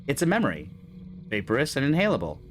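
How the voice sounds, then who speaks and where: A man's voice: mid-range voice, wildly swooping pitch, fast, slight background noise. Man reading game narration dramatically. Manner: dramatic reading with swearing asides. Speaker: gaming channel host. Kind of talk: reading game narration aloud with live chat.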